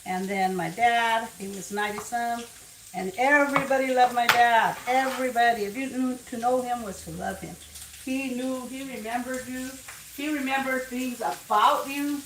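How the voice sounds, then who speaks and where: A woman's voice: on the high side, steady tone, moderate pace, fairly bright tone. An older woman hosting a casual home cooking demonstration, chatting and wandering into family stories as she works. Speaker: cooking show host. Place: home kitchen. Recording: echoey kitchen, distant mic, frying noise. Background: sizzling and frying food.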